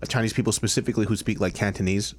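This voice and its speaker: A man's voice: fairly low pitch, fairly even intonation, a little hiss or hum. A man co-hosting a food vlog, chatting casually and joking at his own expense. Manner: joking, self-mocking, quick to laugh. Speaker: vlog co-host. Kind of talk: casual chat while eating.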